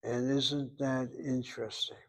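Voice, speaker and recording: A man's voice: medium pitch, little pitch movement, unhurried, fairly bright tone. A man teaching a classroom lesson, spelling out words syllable by syllable, with musing asides. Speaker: Hebrew teacher. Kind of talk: classroom lecture.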